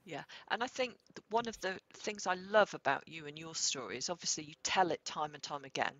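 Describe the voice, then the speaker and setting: A woman's voice: deep voice, animated, fairly quick, fairly bright tone, lo-fi sound. A woman hosting a casual interview, agreeable and encouraging. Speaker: host.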